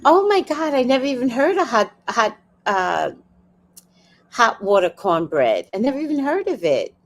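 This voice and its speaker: Animated woman telling stories to her chat. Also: a little high, moderate pace. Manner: animated, acts out quoted voices, laughs and swears freely. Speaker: livestream host. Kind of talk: casual storytelling to a live chat.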